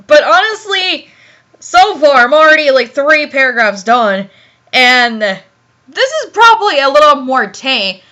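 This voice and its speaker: Woman reading fan fiction with commentary, giggly and stumbling, high, bright voice. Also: dull audio. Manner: giggly, laughs often, stumbles over words.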